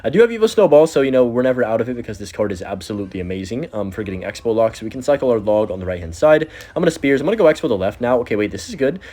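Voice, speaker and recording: A young man giving excitable gameplay commentary while he plays, talking to himself and to viewers. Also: mid-range voice, rapid-fire, hardly any pauses. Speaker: gaming video creator.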